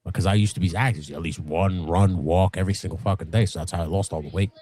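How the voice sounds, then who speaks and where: A middle-aged man in casual, profane chat as co-host of a live stream, rambling and laughing often. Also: fast. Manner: rambling, animated, laughs often, acts out high voices in stories. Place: home workshop. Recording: dry room with faint music.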